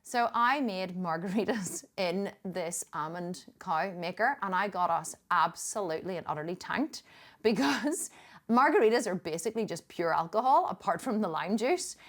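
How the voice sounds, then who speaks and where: A woman's voice: mid-range voice, fairly bright tone. Chatty Northern Irish woman vlogger. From Northern Ireland. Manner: chatty and emphatic, with frequent restarts and laughs. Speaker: fitness coach. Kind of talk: casual vlog storytelling.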